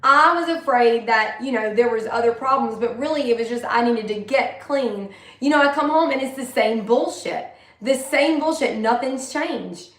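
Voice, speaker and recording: A woman's voice: fairly high pitch, moderate pace, a bit bright. A young adult woman talking candidly and emotionally in a rambling personal monologue. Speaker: vlogger. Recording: echoey room.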